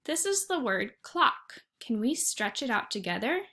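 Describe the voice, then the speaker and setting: A woman's voice: a little high, sing-song, unhurried, pushed and bright. A woman teaching a first grade phonics lesson, speaking patiently and encouragingly and stretching out each sound for young children. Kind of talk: recorded online phonics lesson.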